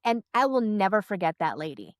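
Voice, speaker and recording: A woman's voice: medium pitch, big pitch swings, fairly quick, no echo, clean studio sound. A woman in her thirties, a sales trainer, telling stories animatedly and repeating phrases for emphasis as a podcast guest. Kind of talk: podcast interview, storytelling.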